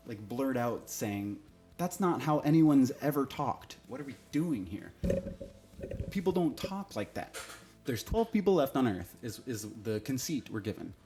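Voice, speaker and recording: A man's voice: mid-range voice, mellow. A man giving a casual, opinionated TV review, speaking bluntly and swearing freely. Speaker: TV show reviewer.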